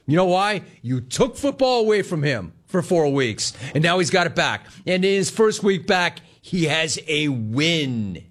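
Male sports radio host, slightly high voice, sarcastic and mocking. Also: sing-song, unhurried, hardly any pauses. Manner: sarcastic, mocking, laughing at callers. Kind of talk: sports talk radio monologue.

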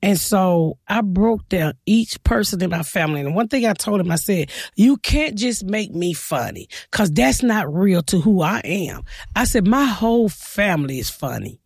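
A woman stand-up comedian talks bluntly through her stories, acting out her own side of old conversations. Her voice has a gravelly edge. The sound is close and dry. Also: medium pitch, moderate pace, no echo. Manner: blunt, storytelling, quotes herself in animated bursts. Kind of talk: casual interview talk.

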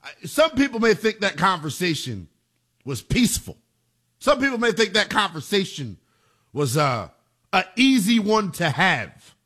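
Male sports talk host, bright forceful tone, animated emphatic delivery. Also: sits high, measured pace. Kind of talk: sports talk radio monologue.

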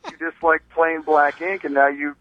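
A man's voice: on the high side, little pitch movement, moderate pace. A man calling in to a radio show, talking hesitantly and stammering. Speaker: caller. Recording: dull dry phone line.

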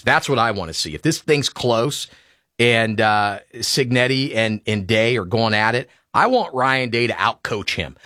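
A man's voice: medium pitch, pushed and bright, no room sound, clean studio sound. A man hosting a casual sports talk show, emphatic and opinionated. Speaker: radio sports talk host.

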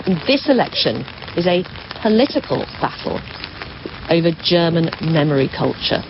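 A woman reporting from abroad as a news correspondent, in measured, descriptive narration. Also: fairly low pitch, highs cut off, noisy background. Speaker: foreign correspondent.

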